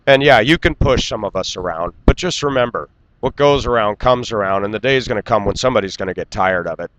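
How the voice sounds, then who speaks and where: A man delivering an indignant, lecturing rant straight to camera and clearing his throat now and then. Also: fairly low pitch, fairly bright tone, no room sound, poor audio. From United States. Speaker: vlogger. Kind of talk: ranting monologue.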